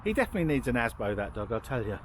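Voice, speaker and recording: A man's voice: medium pitch, big pitch swings, rapid-fire, slight background noise. A middle-aged man bantering cheekily in a casual vlog. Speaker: vlogger. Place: outdoors by a narrowboat.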